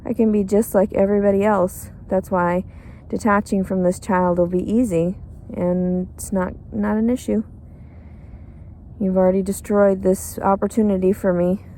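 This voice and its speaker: A woman's voice: mid-range voice, flat delivery, moderate pace, dark tone, a little hiss or hum. A tired, cranky woman rambling in a bitter, crude, profane monologue outdoors. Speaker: pregnant homeless woman.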